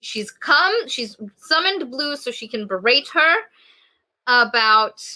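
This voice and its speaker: A podcast co-host with a high, expressive voice takes her time, sounding bright and forceful. She casually retells a novel's plot during a book review chat, acting out what the characters say.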